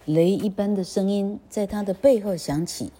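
Gentle woman reading a storybook. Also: medium pitch, normal speed. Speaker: host. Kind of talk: bilingual storybook narration.

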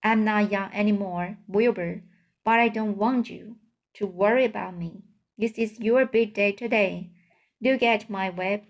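A gentle, fading female barn spider, as a woman reads her. She talks softly and weakly, slowly and at an unhurried, patient pace. Her voice sits in a middle pitch. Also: close to an everyday voice. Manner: soft, weak and quiet.

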